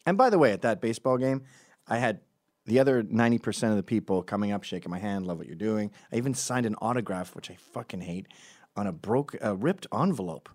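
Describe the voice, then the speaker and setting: A middle-aged man with a lowish voice that swings widely up and down as he rants. He is sardonic and profane, hosting a comedic opinion monologue and slipping into mocking voices for the people he talks about. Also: expressive, fast, a little mellow, dry recording. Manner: sardonic, profane, mocks others in put-on voices. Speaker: commentary show host.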